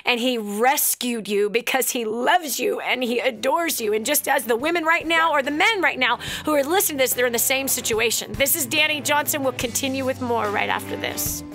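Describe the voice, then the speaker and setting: A woman's voice: high-pitched, fairly quick, hardly any pauses, a bit bright, soft background music. A woman hosting a radio talk show with a passionate, preacher-like delivery.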